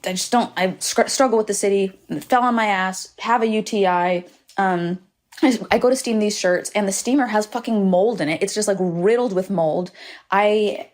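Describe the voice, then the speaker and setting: A woman's voice: mid-range voice, normal speed, a little mellow. A young adult woman talks alone into her podcast mic, grumpy and wry. She swears freely and mocks herself as she rambles through her bad mood. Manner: irritable, self-deprecating, swears freely. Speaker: podcast host. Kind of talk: casual solo podcast monologue. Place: hotel room.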